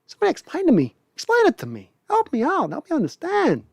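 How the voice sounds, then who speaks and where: A man putting on a halting, offbeat celebrity impression, breaking his lines with odd pauses. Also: very high voice, wildly swooping pitch, creaky, darkish tone, no room sound, clean studio sound, pitched above the performer's own voice, heavily acted. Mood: exasperated.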